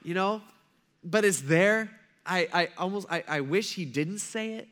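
Man, pastor, sermon, high voice, chatty, rhetorical questions, loud-to-hushed swings. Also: unhurried. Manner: conversational, rhetorical questions, acts out quotes.

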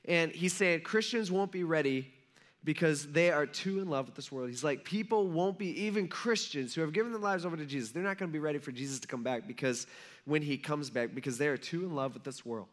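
A man preaching a sermon in a conversational way, acting out quotes with lively shifts. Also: fairly high pitch, a little fast. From United States. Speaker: pastor.

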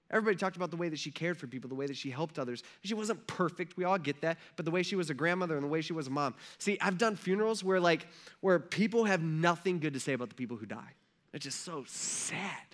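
A man's voice: fairly high pitch, a bit bright. A man in his thirties preaching a casual, conversational sermon, acting out Bible characters with humorous asides. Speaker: pastor.

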